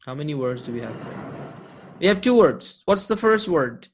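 A man's voice: fairly high pitch, big pitch swings, normal speed, slight background noise. A man teaching an Arabic grammar lesson, patiently quizzing his students and checking in with frequent questions.

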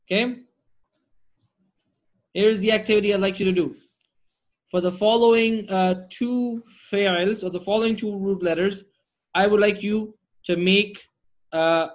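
A man teaching Arabic grammar online, drilling word forms and checking in with his students often. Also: high-pitched.

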